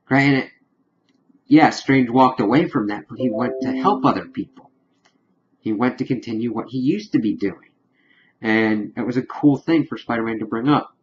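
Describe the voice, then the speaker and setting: A chatty, enthusiastic man talks through a comic book issue in a relaxed review. His voice sits at an ordinary middle pitch. The recording sounds a little dull and lo-fi. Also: slight background noise. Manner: chatty and enthusiastic, acts out characters' lines. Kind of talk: casual spoken review.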